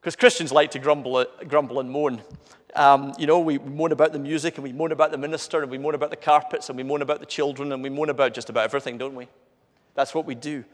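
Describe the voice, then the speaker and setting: A man's voice: medium pitch, fairly even intonation, quick pace. A man preaching an earnest, conversational sermon, asking his listeners rhetorical questions. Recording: long hall reverb.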